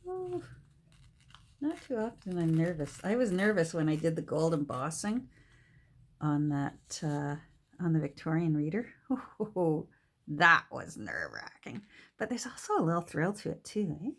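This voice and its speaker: A woman's voice: low-pitched, very animated, unhurried. A woman from Canada with a Canadian accent, chatting casually and musing aloud to herself while she works on a craft project. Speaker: junk journal crafter.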